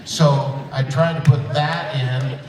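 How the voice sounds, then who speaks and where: A man's voice: mid-range voice, steady tone, slow pace, noisy background. An older man, a voice actor on a convention panel, telling stories in a rambling, playful, self-deprecating way. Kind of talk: storytelling panel talk. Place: convention auditorium. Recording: echoey auditorium, distant mic.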